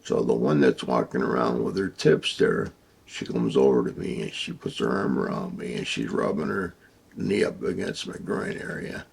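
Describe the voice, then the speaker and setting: A man casually telling a rambling, crude anecdote with halting starts. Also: rumbling low, sing-song, vocal fry. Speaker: storyteller.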